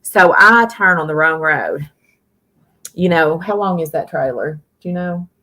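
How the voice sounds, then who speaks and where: A middle-aged woman hosts a casual live chat in a fairly low but bright, forward voice. She tells stories in a rambling, folksy way, full of little fillers. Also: lively intonation, unhurried. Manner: rambling, folksy, lots of "uh" and "you know". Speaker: live stream host.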